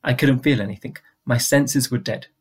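A man reading a story aloud in a steady, deliberate narrating voice. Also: medium pitch, slightly rough. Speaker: audiobook reader.

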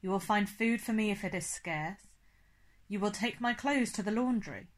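A woman reading aloud performs a stern, ancient male vampire with a formal, clipped way of speaking, laying out terms in an even, commanding tone. The voice sits at a middle pitch for a woman and stays measured in its storybook telling. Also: close to an everyday voice. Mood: explaining. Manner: stiff, precise, no contractions. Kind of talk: audiobook reading.

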